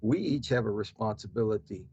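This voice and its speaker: Earnest halting man, dull audio. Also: fairly low pitch, mellow, breathy edge, no room sound. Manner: earnest, halting, repeats words. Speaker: guest, health system CEO. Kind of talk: conversational interview.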